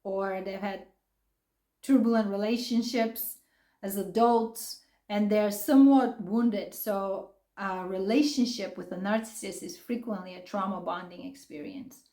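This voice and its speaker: A woman's voice: mid-range voice, unhurried, mellow, roomy sound. A middle-aged woman explaining psychology casually and animatedly, acting out quoted lines and laughing often. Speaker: psychology video host.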